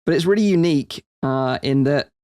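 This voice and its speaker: A man's voice: fairly high pitch, brisk, darkish tone, smooth, no echo, studio quality. A man hosting a podcast who asks loose, enthusiastic questions and sums up a game for listeners. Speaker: podcast host. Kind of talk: casual interview chat.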